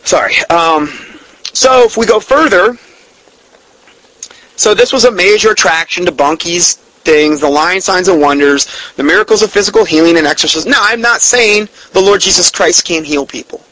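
A man's voice: high-pitched, moderate pace, bright, forceful tone, low-quality recording. A man giving a blunt, emphatic Bible teaching, denouncing other churches and quoting scripture at length. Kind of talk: preaching-style Bible teaching.

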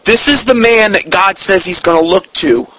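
A man preaching a sermon in an earnest, emphatic way, slowing down to read scripture and definitions, and openly emotional about his subject. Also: high-pitched, animated, sharp tone, dry recording, poor audio.

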